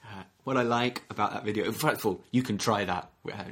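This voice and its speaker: Husky-voiced man preaching. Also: on the low side, brisk. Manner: gentle and reflective, with frequent restarts and acted-out quotes. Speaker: minister. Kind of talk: sermon.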